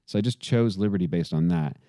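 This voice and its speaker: A man's voice: sits low, quick pace, mellow, dry recording, studio quality. A man with a faint Southern accent, a podcast guest talking in a loose, rambling way with many fillers and restarts. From southern United States. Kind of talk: casual conversation.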